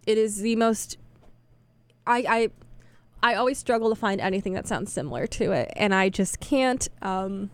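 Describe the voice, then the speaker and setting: A woman's voice: medium pitch, moderate pace, clear, resonant tone, no echo. A young woman hosting a radio show, chatting casually between songs in a rambling, self-deprecating way, full of fillers and restarts. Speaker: radio host.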